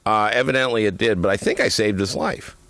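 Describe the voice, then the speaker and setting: A man who writes books and hosts talk radio, a guest on a comic radio interview, telling dry, deadpan jokes with stumbling restarts. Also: on the low side, fairly quick, no echo.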